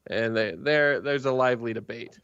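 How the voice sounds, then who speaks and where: A man's voice: mid-range voice, moderate pace, fairly bright tone, clear, resonant tone, no echo, highs cut off. A man narrating a tabletop game as game master, in a loose, profane, storytelling way.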